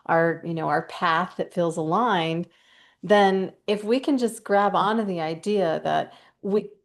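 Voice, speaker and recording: A middle-aged woman, a podcast guest, talks about commitment with animated enthusiasm and speeds up when she gets excited. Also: on the low side, a little slow. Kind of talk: conversational podcast talk.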